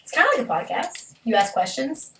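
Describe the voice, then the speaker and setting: A woman's voice: high voice, big pitch swings, fast. Giggly English woman, echoey and distant. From England. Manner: giggly, self-deprecating, lots of fillers. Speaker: guest, aspiring actor. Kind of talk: casual chat. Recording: echoey room from a distance with faint noise.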